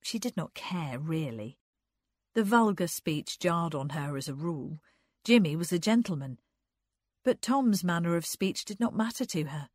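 A woman narrating a literary story in a measured storytelling manner. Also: lowish voice, lively intonation, dry recording, clean studio sound. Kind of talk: audiobook narration.

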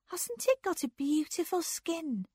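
A woman reading aloud, voicing an impulsive, quick-tempered young woman in a high, carrying voice. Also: sing-song, no room sound, studio quality, full character voice. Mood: musing. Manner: impulsive, blunt.

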